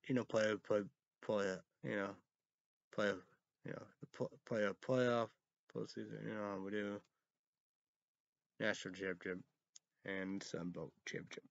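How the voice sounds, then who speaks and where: A man hosting a casual sports recap, rambling through scores with halting repeats and fillers, now and then bursting out excitedly. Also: on the low side, no room sound, dull audio. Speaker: show host.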